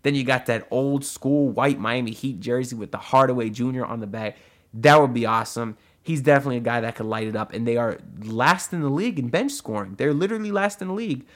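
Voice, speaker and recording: A man running a solo sports podcast in a loose, chatty way, with plenty of "uh"s and little tangents. His voice sits at a mid pitch and he talks straight into a podcast mic, like he's chatting with his listeners. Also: quick pace. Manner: chatty and loose, with frequent "uh" and asides. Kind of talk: casual podcast commentary. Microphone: audio-only podcast mic.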